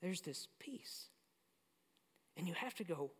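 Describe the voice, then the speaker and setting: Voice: mid-range voice, animated, slow pace, long pauses, breathy edge. A pastor preaching a sermon in a conversational, storytelling way. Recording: long hall reverb.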